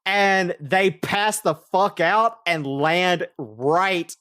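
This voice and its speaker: A man's voice: high-pitched, fairly bright tone, smooth, dry recording, clean studio sound. A man running a tabletop game as game master, narrating casually with crude humor. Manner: unhurried, casual, crude jokes.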